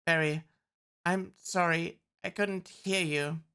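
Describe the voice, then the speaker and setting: A woman's voice: fairly low pitch, steady tone, takes it slowly, a bit bright, clean tone. A woman voicing an earnest male bee lawyer, reading a film script aloud in her own plain voice. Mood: indignant. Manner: plain read-aloud delivery.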